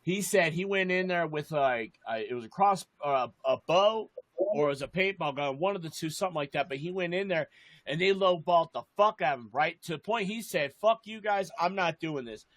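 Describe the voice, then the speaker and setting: A man's voice: on the high side, brisk, a bit bright, dry recording. A young man telling a rambling, swear-heavy story in casual chat as a podcast co-host.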